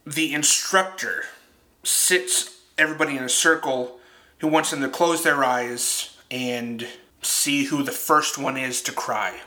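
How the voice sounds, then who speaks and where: A young man chatting casually through a film review, animated and quick to laugh at himself. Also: medium pitch.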